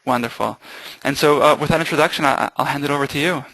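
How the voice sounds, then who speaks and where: A man's voice: on the high side, fast talker, gravelly, bright, forceful tone, dry recording, low-quality recording. A man hosting a webinar, introducing the guest speaker in an upbeat way with frequent fillers. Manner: upbeat, many filler ums and uhs. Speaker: webinar host.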